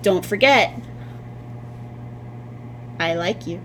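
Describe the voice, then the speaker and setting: A woman's voice: fairly low pitch, extremely slow, fairly bright tone, slight background noise. A woman art teacher giving a patient, sing-song classroom lesson to young children.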